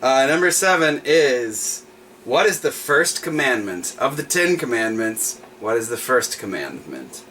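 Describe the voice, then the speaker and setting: A man's voice: mid-range voice, very animated, a little slow, pushed and bright, distant mic, a little hiss or hum. A man hosting a livestreamed trivia night, reading each question twice and chatting with small laughs in between.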